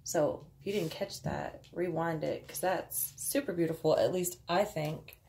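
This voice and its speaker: A woman's voice: lowish voice, fairly even intonation, unhurried, warm tone, slight background noise. A woman giving a casual daily tarot reading, chatty and offhand, with frequent fillers. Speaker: tarot card reader.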